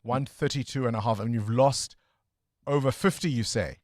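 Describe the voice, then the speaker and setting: A man's voice: medium pitch, moderate pace, no echo, studio quality. A man hosting a breakfast talk radio phone-in, chatting upbeat with callers. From South Africa. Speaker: radio talk show host.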